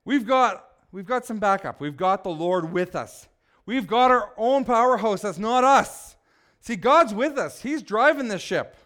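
A male pastor preaching a sermon, swinging from quiet asides to loud, emphatic exhortation. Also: high-pitched, animated, unhurried.

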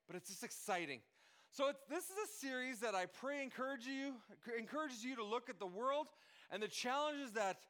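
A man's voice: very high voice, a bit bright, clear, resonant tone. A man preaching a sermon as pastor, talking earnestly and often restarting his phrases. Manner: earnest, repeats and restarts phrases, lists names.

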